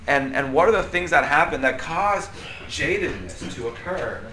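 A young adult man leading a church group discussion, conversational and animated, often asking questions. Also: on the high side, normal speed, a crowd in the background. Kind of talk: interactive church teaching.

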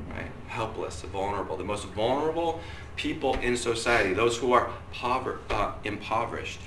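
A man preaching a sermon to a room, animated, swinging from loud outbursts to quiet asides and asking the audience questions. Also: on the low side, moderate pace, echoey room, background noise. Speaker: pastor.

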